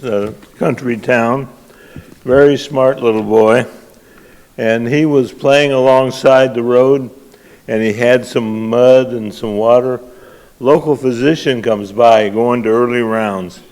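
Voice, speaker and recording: A man's voice: mid-range voice, darkish tone. An older man giving an award acceptance speech, a folksy, self-deprecating storyteller at a podium. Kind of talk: after-dinner speech with folksy jokes. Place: large banquet hall. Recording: long reverb of a banquet hall.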